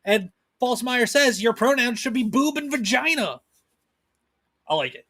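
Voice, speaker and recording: Upbeat man with a high voice, hosting a casual livestream chat and greeting viewers. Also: sing-song, unhurried, pushed and bright. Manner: upbeat, thanks viewers and laughs often. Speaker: livestream co-host.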